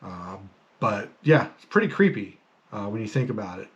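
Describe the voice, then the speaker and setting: A man's voice: fairly low pitch, big pitch swings, moderate pace, dull audio. Rambling, hesitant man telling stories. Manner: rambling, hesitant, many fillers and restarts. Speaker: podcast host. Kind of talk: casual storytelling monologue.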